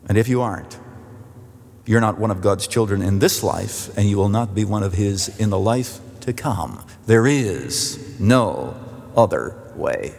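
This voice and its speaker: A man preaching a sermon as pastor, emphatic and repetitive for force, dropping to a hush at key endings. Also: fairly low pitch, expressive, unhurried, creaky, in a large hall. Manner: emphatic, repeats phrases for force, drops to quiet at endings.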